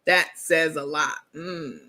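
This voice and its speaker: A woman host from New York talks straight to her audience in a loose, candid chat. Her voice is bright and forward, and she leans on y'all and baby as she brags on herself. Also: low-pitched, fairly even intonation, slow pace. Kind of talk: casual commentary to viewers.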